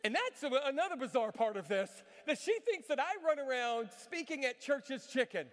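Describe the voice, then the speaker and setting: A man, a traveling church speaker, telling a story in a sermon with animated, self-mocking energy. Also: extremely high pitch, normal speed, big-room sound. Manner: says he can be loud.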